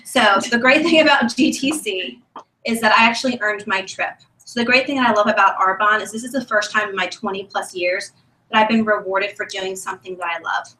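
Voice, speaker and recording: A woman giving an enthusiastic, emotional testimony speech at a sales meeting, chatty and animated. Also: mid-range voice, brisk, a little hiss or hum. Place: meeting room, on a stage. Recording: echoey room from a distant mic.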